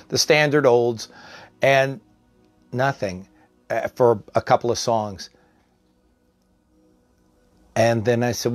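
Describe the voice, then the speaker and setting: Male storyteller, mid-pitched voice, casual and halting, personal anecdote. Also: no room sound, faint music behind. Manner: conversational, halting with fillers and restarts. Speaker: storyteller, former psych care worker. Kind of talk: personal anecdote told aloud.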